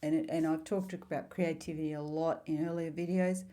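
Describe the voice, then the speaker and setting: A middle-aged woman talking casually to camera as a spiritual vlogger, telling stories in a heartfelt, rambling way with warm asides. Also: deep voice, flat delivery, fairly quick.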